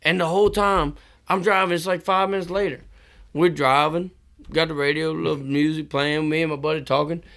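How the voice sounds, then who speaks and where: A man tells a rowdy, profane story on a casual podcast. His voice is bright, pitched a little high, and he laughs his way through it. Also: steady tone, fairly quick, creaky. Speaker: podcast co-host.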